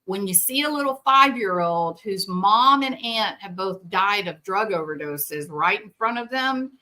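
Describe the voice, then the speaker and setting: A woman, a therapist hosting a podcast, talking in an earnest, animated way and acting out the people she quotes. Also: mid-range voice, measured pace. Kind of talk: conversational monologue.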